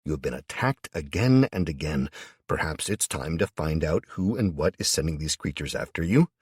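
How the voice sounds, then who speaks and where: Male narrator as an impersonal game system announcer; deep voice, dry close recording. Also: lively intonation, moderate pace, darkish tone, slightly rough, no room sound, heavily acted. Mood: formal. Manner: formal, announcing. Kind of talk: audiobook character voice.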